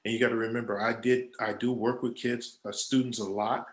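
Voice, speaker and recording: Man, guest speaker, casual storytelling, middle pitch, roomy echo. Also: fairly quick. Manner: animated storyteller acting out quoted voices. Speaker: guest speaker, agency creative director. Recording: echoey room.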